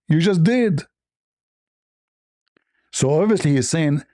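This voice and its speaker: A man hosting an online religious debate. He argues forcefully and mocks his opponent, laughing often and hammering his points with repeated rhetorical questions. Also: sits high, very animated, unhurried, long pauses. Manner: argumentative, mocking, with frequent laughs. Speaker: debate host.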